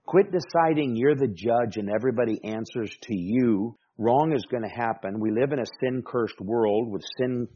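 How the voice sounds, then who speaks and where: A man preaching a sermon as pastor, emphatic, dropping soft and then rising to loud exclamations. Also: medium pitch, breathy edge. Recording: dull lo-fi recording.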